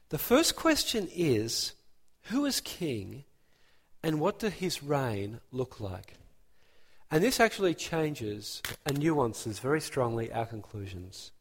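A man preaching a sermon, emphatic and animated, building his points with rising emphasis. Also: medium pitch, breathy edge, in a large hall.

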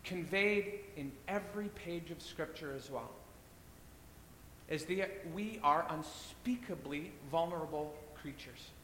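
Bright-voiced man preaching in an echoey hall. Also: unhurried. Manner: earnest, repeating phrases for weight. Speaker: pastor. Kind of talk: sermon. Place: church. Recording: echoey church hall, faint rumble.

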